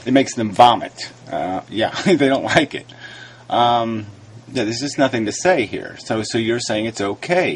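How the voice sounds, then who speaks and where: A man delivers a heated, argumentative monologue to his camera. He sounds frustrated and combative, pushing his voice up and cursing. A faint background noise sits under the recording. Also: on the low side. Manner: frustrated, raises his voice, swears. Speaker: video blogger replying to critics. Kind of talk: argumentative video rant.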